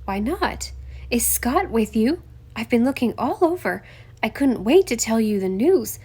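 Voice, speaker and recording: Excited chatty woman, high and loud, storybook reading, voiced by a woman narrator. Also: a little slow, breathy edge, exaggerated voice.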